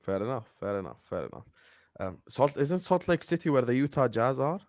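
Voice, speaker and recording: A man's voice: medium pitch, sing-song, brisk, a little mellow. A man hosting a casual live stream over a video call, introducing guests with playful banter and teasing. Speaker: host. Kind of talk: casual chat. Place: home studio, virtual stadium background. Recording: dry, close with no room echo.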